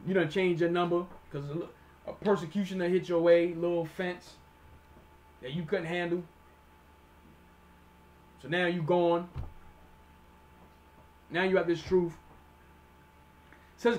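Man, high voice, sermon teaching, slow verse reading, plain explanations, keeps checking in with listeners. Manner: reads verses slowly then explains in plain street talk; repeats "all right?" to check on listeners.

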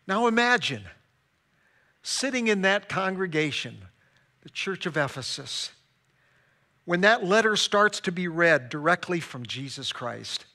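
A male pastor preaching a sermon dramatically, swinging from loud emphasis to hushed, quiet stretches. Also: high voice, vocal fry.

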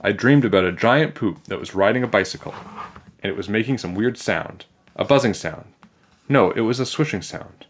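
A man reading a children's chapter book aloud in a playful, animated way. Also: lowish voice, normal speed, husky. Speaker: storybook reader.

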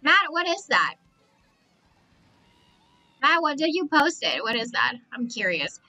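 Excitable high-voiced streamer woman. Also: a little slow, faint music behind, poor audio. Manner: excitable, repeats exclamations. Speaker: live streamer. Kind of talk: excited gameplay commentary.

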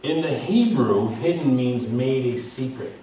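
A male pastor preaching a sermon, telling a story with lively, laughing delivery. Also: mid-range voice, unhurried. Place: church. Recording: echoey hall from far off.

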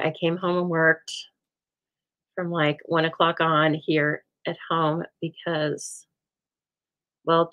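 Female craft host, lowish voice, animated, rambling talker, live from her home craft room. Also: low-quality recording. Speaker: host of a live stamping show. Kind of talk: chatty live crafting demo.

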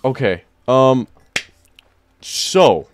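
A young man giving excited let's-play commentary, often jumping into loud, high-pitched outbursts. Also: very slow, slight background noise. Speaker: gaming YouTuber.

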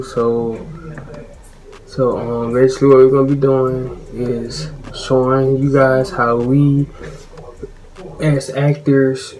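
Casual filler-heavy male vlogger, flat voice. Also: mid-range voice, slight background noise, rough recording. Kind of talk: casual vlog intro.

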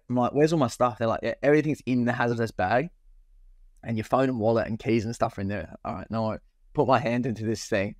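Bloke telling a wild story. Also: male voice, mid-range voice, no room sound, studio quality. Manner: swearing, animated storyteller acting out dialogue. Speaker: podcast co-host. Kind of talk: casual storytelling chat.

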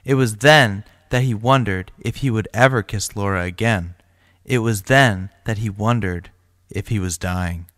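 A male teacher reading a short story aloud to his class in a steady, plain way. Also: lowish voice, measured pace, dry recording, studio quality.

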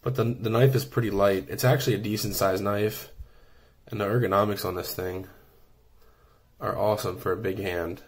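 A man's voice: fairly low pitch, steady tone, normal speed, slightly rough. A man giving an enthusiastic, rambling review while unboxing a subscription knife, with many fillers and restarts.

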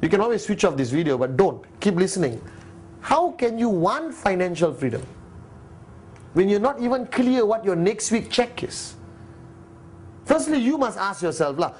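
Blunt high-voiced man. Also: sing-song, moderate pace, darkish tone, a little hiss or hum. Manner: blunt, pushy, firing rhetorical questions. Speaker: network marketing leader and motivational speaker. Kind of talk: motivational talk to followers.

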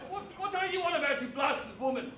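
A man's voice: extremely high pitch, animated, fairly quick, a crowd in the background. A man on stage playing a blustering, pompous old army major, recorded in an echoey theatre from far off with some noise. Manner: plummy, bombastic, hesitant fillers. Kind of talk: amateur stage acting. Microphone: far camera. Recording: echoey hall from far off, noisy.

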